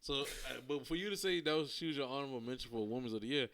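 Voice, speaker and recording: A man's voice: medium pitch, very fast, fairly bright tone. Male podcast co-host, casual and rambling, mid-range voice, easygoing slang. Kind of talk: casual wrestling chat.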